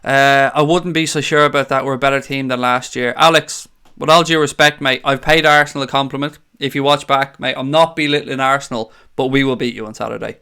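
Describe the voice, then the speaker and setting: A man hosting a casual fan livestream from a green-screen home studio, reading chat aloud, excitable and swearing freely. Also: mid-range voice, a little fast, few pauses, clean tone. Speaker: fan channel host reading live chat.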